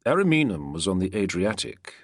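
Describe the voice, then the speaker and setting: A man reading a novel aloud as an audiobook narrator, in a measured, expressive way. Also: low-pitched, no echo, studio quality. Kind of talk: scripted narration.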